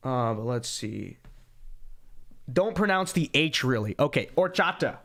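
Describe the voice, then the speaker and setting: This young podcast host is animated but unhurried, speaking at a medium pitch with vocal fry and a bit of brightness. Fatigued but still chatty, he reads super chats on a casual livestream, layering in jokes, sarcasm, and repeated catchphrases.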